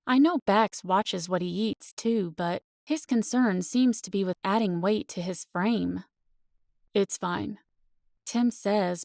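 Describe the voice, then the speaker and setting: A woman narrating a first-person romance audiobook with expressive, earnest storytelling. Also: mid-range voice, vocal fry, no room sound, studio quality.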